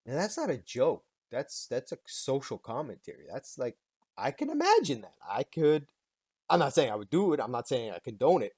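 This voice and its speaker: A man's voice: medium pitch, animated, moderate pace, mellow, husky, no echo. A man hosting a solo podcast, ranting in a rambling, sarcastic and profane way. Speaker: podcast host.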